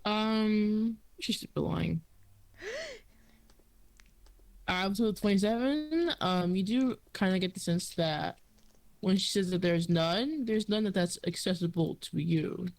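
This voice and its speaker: A woman's voice: mid-range voice, slow, vocal fry, darkish tone. A woman narrating as game master of a tabletop game, in a teasing, casual way with many fillers.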